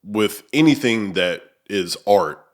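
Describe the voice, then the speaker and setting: Low-voiced male host, loose and rambling; casual chat in a small room. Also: animated, slow. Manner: rambling, filler-heavy, searching for words. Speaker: podcast host. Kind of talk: casual conversation. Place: small untreated room with echoing walls.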